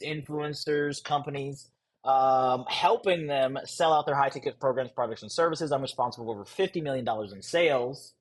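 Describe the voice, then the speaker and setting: A young man teaching a live sales course, blunt and conversational, deliberately changing his pace and tone to make his points. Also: on the high side. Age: young adult. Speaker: sales coach.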